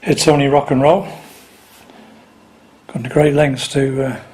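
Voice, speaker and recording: Man, easygoing collector vlogging, mid-pitched, rambling and dry. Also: fairly even intonation, darkish tone. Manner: unhurried, rambling, dry asides. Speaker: record collector. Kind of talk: casual talk to camera.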